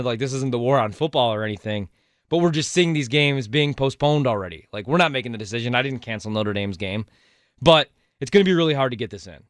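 A man talking sports on the radio, rambling, stammering over his words and slipping in sarcastic jokes. His voice is bright and forward, recorded dry and close with no room sound. His pitch sits in an ordinary middle range. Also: no echo. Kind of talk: casual sports radio banter.

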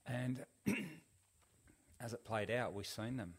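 A middle-aged man, a podcast guest telling a long story in a relaxed, rambling way full of fillers. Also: medium pitch, drawn-out words, slightly rough. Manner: rambling, laid-back, lots of fillers. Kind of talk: casual storytelling.

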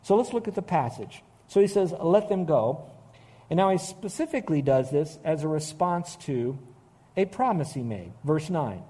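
Emphatic preaching man, mellow tone. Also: fairly high pitch, animated, husky. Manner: earnest, emphatic, slows down to stress key phrases. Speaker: pastor. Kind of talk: sermon.

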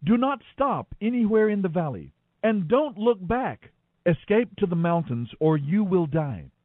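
A man's voice: high-pitched, big pitch swings, measured pace, no room sound, phone-quality sound, exaggerated voice. A man reading scripture, voicing stern male angels who give urgent commands.

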